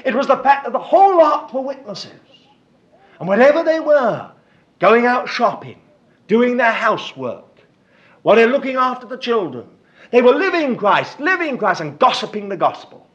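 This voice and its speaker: A man's voice: very high voice, sing-song, normal speed, fairly bright tone. A man preaching a sermon, emphatic and fond of repeating words for stress. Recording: dull lo-fi recording.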